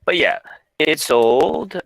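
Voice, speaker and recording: A man's voice: on the high side, lively intonation, takes it slowly, fairly bright tone, poor audio. A man hosting a music podcast in casual chat, reading out chart rankings and sales figures and laughing often.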